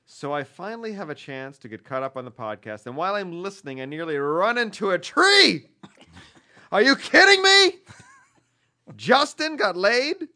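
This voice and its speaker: A man putting on the voice of an excitable female listener reading her letter aloud. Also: on the high side, moderate pace, pitched above the performer's own voice, heavily acted. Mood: excited.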